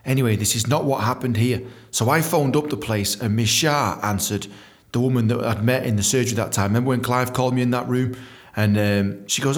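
Man, British accent, podcast host, casual storytelling, lively, swears a lot, mid-pitched voice. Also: a little fast. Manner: animated, profane, acts out dialogue.

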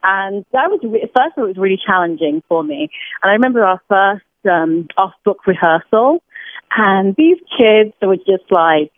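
A British woman in her thirties, a podcast guest telling stories in lively, casual chat. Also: medium pitch, moderate pace, no room sound. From Britain. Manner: chatty, animated storytelling with laughs. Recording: tinny phone-line sound.

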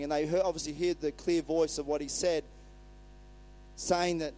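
A man's voice: fairly high pitch, flat delivery, moderate pace, long pauses, mellow, faint music behind, rough recording. A male pastor giving a sermon in a conversational way, retelling scripture and acting out the quotes.

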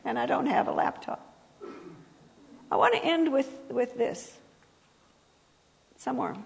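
Woman, sermon, croaky gravelly voice, fairly high pitch, conversational asides, long church-hall reverb. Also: normal speed, long pauses, a little mellow. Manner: conversational preaching with asides to the audience. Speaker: speaker at a church service.

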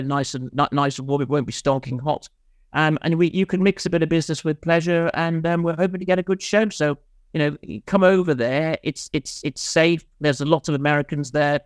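A man's voice: fairly high pitch, steady tone, moderate pace, smooth, dry recording, studio quality. A man, a podcast guest, chatting casually and telling rambling, self-mocking stories with many restarts. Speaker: podcast guest, insolvency consultant. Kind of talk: casual storytelling chat.

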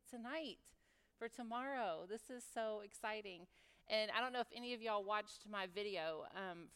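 A woman's voice: medium pitch, fairly bright tone, clean tone. Folksy Texan woman preaching in a hall. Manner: chatty, folksy, lots of fillers and asides. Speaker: women's retreat speaker. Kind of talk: casual sermon talk. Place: church hall.

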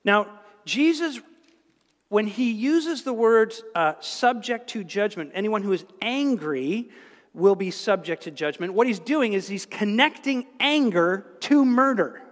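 A male pastor giving a conversational, animated sermon in a church, with many restarts and asides. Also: sits high, measured pace. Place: church sanctuary. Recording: reverberant church hall.

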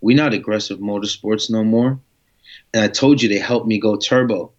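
A man's voice: on the low side, normal speed. A man telling a long story in a casual interview, acting out conversations with slang and swearing. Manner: animated, acts out dialogue with slang and swearing. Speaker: guest telling his story. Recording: muffled lo-fi audio.

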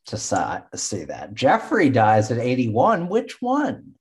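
A man's voice: mid-range voice, huge pitch swings, slow pace. A man co-hosting a casual sports podcast, talking in a laid-back way with lots of fillers and sounding tired. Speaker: podcast co-host.

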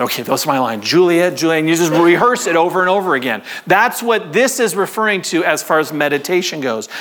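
A man preaching a sermon to his congregation in a church, conversational and animated, with call-and-response. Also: on the high side. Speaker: pastor.

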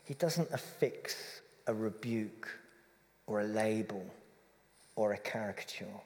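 A man preaching a reflective, conversational sermon that softens to a gentle hush. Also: on the low side, slow, long reverb tail.

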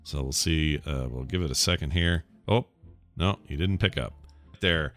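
A man's voice: rumbling low, moderate pace, fairly bright tone, faint music behind. A man hosting a casual podcast game show with jokey, playful banter.

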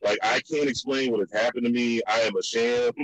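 A man from the Virginia and DC area telling stories in a casual chat, with many restarts and high jumps in pitch for the quotes. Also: fairly even intonation, brisk, fairly bright tone, dull audio, a little hiss or hum. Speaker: guest.

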